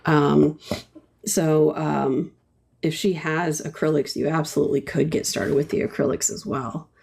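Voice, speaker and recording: A woman's voice: low voice, fairly even intonation, measured pace, gravelly, darkish tone, slight background noise. A middle-aged woman giving a casual live painting tutorial, chatty and full of ums as she answers viewers' comments while she works. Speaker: painting instructor.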